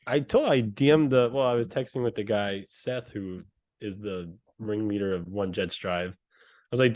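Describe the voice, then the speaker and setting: A man co-hosting a casual chat, excitable and quick to laugh, swearing freely. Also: lowish voice. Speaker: co-host.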